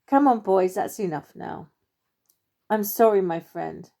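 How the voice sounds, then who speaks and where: A wise old oak tree that speaks softly and kindly, often dropping low at the end of a phrase, as a woman puts it on. The tone is mellow and unhurried, like a storybook read aloud. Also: gravelly. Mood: gentle. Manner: gentle, warm, soft-spoken.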